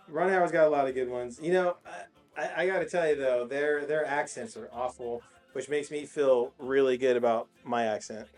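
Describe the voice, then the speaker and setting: A man's voice: mid-range voice, moderate pace, darkish tone. An easygoing man co-hosting a casual chat. He agrees readily and stumbles over repeated words, with faint music in the background. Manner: easygoing, agreeable, stammers on restarts. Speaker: podcast co-host.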